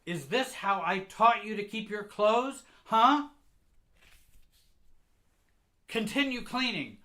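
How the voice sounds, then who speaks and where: Man voicing a middle-aged abusive mother in a spoken story, shrill, screaming, bright and harsh. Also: expressive, measured pace, exaggerated voice. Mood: furious, berating. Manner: shrill, screaming insults and despair.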